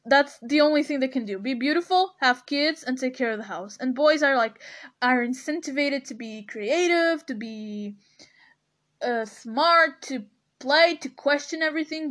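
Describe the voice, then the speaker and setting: A young woman hosting a casual podcast, reacting to products with animated commentary and frequent hard laughter. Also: high-pitched. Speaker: podcast host.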